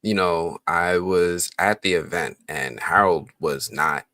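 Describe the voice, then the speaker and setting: Super deep voiced guy telling stories on a stream, bright forceful tone, dry mic. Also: takes it slowly, no echo. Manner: relaxed storytelling, laughs often. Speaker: co-host film critic. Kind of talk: casual chat.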